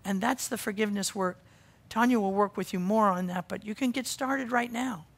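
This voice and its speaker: A woman pastor preaching a sermon, swinging from loud emphasis to quiet intensity. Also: medium pitch, normal speed.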